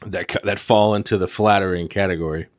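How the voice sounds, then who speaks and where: A man's voice: low-pitched, steady tone, fast, no room sound. A man co-hosting a podcast in a casual chat, joking and swearing. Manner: laughs often, swearing, joking. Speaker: podcast co-host.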